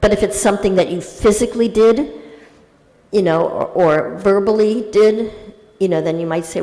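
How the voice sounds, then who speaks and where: A woman spiritual teacher answering a question in a gentle, conversational devotional talk, acting out inner voices as she goes. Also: mid-range voice, moderate pace. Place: temple hall. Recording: reverberant hall.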